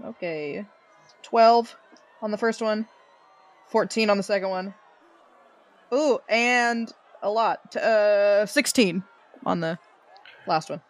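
A player in a tabletop game session, swearing, joking and loud. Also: medium pitch, takes it slowly, long pauses. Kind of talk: casual gaming chat.

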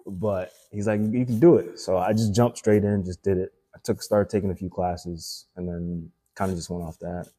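A man in his thirties from Haiti, an actor chatting casually in an interview, animated and full of filler words. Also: low-pitched, normal speed, hardly any pauses, slightly rough. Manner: animated, fillers like "like" and "you know". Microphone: phone live stream.

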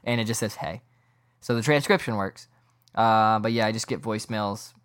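A man's voice: fairly low pitch, fairly even intonation, moderate pace, fairly bright tone, clean tone. A man hosting a casual sports podcast, ranting in a rambling, incredulous way. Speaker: podcast host.

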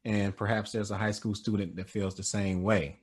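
Deep-voiced male podcast host. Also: level tone, moderate pace, husky. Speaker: podcast host and high school educator. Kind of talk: interview questions.

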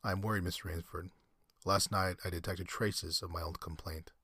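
A suave, cruel old general of refined manners, as a male storyteller puts him on. His courtly politeness carries quiet menace in a low, husky voice. The recording is close and dry. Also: fairly even intonation, moderate pace, no echo, exaggerated voice. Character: suave, cruel aristocratic old general who hunts men.

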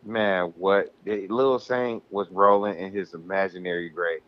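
A man's voice: low-pitched, steady tone, measured pace, lo-fi sound. A man co-hosting a casual podcast, ranting heatedly and swearing a lot. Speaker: podcast co-host.

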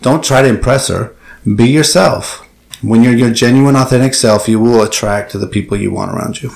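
A man's voice: medium pitch, normal speed, creaky, darkish tone, reverberant. A man co-hosting a podcast in casual chat, brash and joking, swearing freely. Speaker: podcast co-host.

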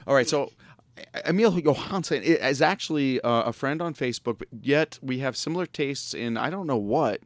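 A man's voice: mid-range voice, lively intonation, brisk, no room sound. A man hosting a casual internet radio interview, joking and laughing often as he rambles along. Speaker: radio show host.

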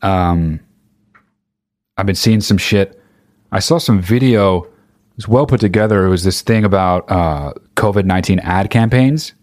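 A man's voice: deep voice, unhurried, a little mellow, no room sound, studio quality. A man delivering an exasperated, profane comedic rant, swearing constantly and speeding up as he gets angrier.

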